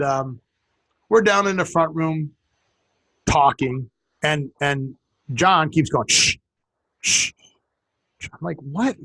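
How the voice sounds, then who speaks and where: A man's voice: a little high, fairly bright tone, no echo. A middle-aged man co-hosting a casual talk show, joking and stumbling over repeated words as he tells a story. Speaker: podcast co-host. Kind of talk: casual chat.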